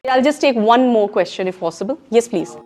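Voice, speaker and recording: A woman's voice: a little high, brisk, over music. Emphatic Pakistani woman giving a speaking lesson. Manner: emphatic and animated, mixing in Urdu phrases. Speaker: public speaking trainer. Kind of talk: education session talk. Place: meeting room in a co-working space.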